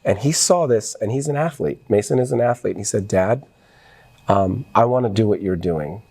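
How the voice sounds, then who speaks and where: A man's voice: lowish voice, animated, a little fast, creaky, a little mellow, husky. A middle-aged man, a podcast guest, talking earnestly and with some emotion about his family in a casual interview.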